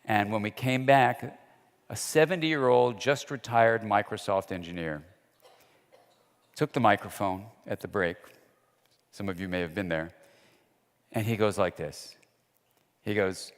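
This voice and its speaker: A man's voice: on the low side, a little slow, pauses often. A man giving a lecture in a conversational, storytelling way. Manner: conversational storyteller, acts out quoted dialogue. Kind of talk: lecture with anecdotes. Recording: long hall reverb.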